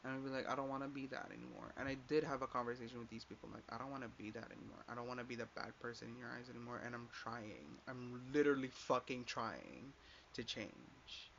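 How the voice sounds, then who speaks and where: Talking quickly in a mid-range, fairly bright voice with vocal fry, a young man who hosts a podcast rants casually about a personal experience. He rambles, uses lots of filler and swears as he quotes people, captured in dull lo-fi audio with faint background noise.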